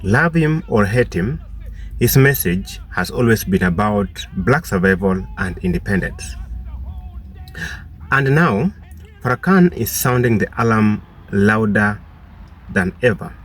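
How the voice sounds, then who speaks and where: A man hosting his own channel, giving casual commentary with a relaxed, filler-filled delivery. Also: fairly low pitch, a little slow, slightly rough, recorded from a distance. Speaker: channel host.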